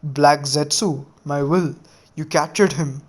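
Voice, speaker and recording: A man's voice: fairly high pitch, steady tone, slow. A man doing a stern, proud old warlord. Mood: grave. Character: proud ancient male warlord, stern and bitter.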